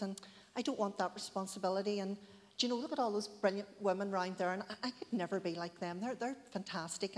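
A woman in her forties giving a heartfelt, chatty personal testimony in church, with many asides. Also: mid-range voice. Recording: long hall reverb.

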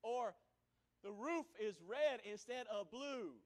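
A man preaching a sermon to his congregation in a church, with a folksy style that swings between low, quiet asides and loud exhortation. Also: lively intonation, slow. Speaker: pastor. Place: church sanctuary.

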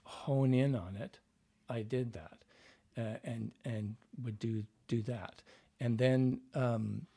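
A man's voice: mid-range voice, warm tone, husky. A man working as a dialect coach, telling rambling anecdotes in an interview, full of fillers and restarts.

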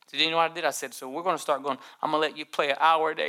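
A male pastor preaching a sermon, telling a humorous story in an animated way and often repeating words. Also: high-pitched, fast talker.

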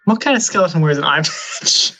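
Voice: medium pitch, animated, brisk, pushed and bright. Wry tabletop player. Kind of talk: casual tabletop play.

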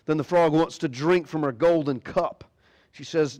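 A man's voice: a little high, normal speed, a little mellow. A man preaching a sermon as pastor, animatedly retelling a fairy tale. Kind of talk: sermon storytelling.

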